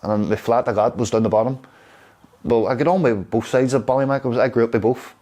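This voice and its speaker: Derry man, interviewee, tells stories with lots of pauses and fillers. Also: medium pitch, steady tone, warm tone. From Derry, Northern Ireland. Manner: rambling, halting, with fillers. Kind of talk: casual storytelling.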